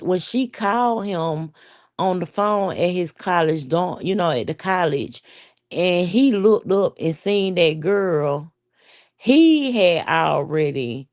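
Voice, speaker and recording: A woman's voice: lowish voice, darkish tone. A woman giving her blunt, rambling opinion on a show in casual, profane chat. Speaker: show commentator.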